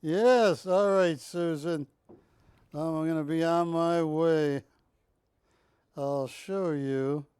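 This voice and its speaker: A man with a high, dry voice hosts a live television shopping show. He pitches hard and jokes constantly, teasing his co-hosts between bids. The sound is close and studio-dry. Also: drawn-out words, long pauses, darkish tone, smooth, no room sound. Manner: jokey, teasing, pushy salesman patter. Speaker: shopping channel host.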